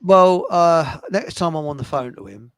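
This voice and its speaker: A man's voice: fairly high pitch, measured pace, smooth, dry recording. An older man hosting a casual radio chat, joking and laughing often. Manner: chatty, laughs often, jokey asides. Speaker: host.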